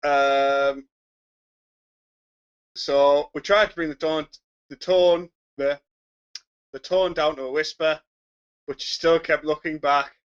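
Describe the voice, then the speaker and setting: A man co-hosting a podcast, loud and chatty with frequent laughter. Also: fairly high pitch, fairly even intonation, takes it slowly, long pauses, smooth, dull audio. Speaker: podcast co-host. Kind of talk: casual banter.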